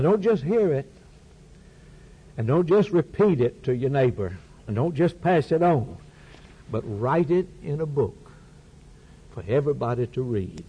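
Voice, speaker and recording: Slow, dramatic preacher man, muffled recording. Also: mid-range voice, slightly rough. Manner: slow, deliberate preaching with dramatic rises and drops. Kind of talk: sermon. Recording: muffled lo-fi recording with faint hum.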